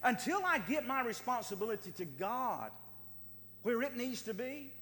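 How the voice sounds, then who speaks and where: A man's voice: high-pitched, pushed and bright. A man preaching a sermon as pastor, with emphatic delivery that repeats phrases for stress. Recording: long hall reverb.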